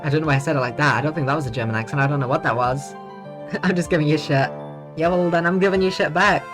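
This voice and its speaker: A woman streaming herself playing a courtroom video game, joking, swearing and bursting out in quick excitement as she reads the dialogue aloud. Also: sits low, over music. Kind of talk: casual gameplay commentary with read-aloud dialogue.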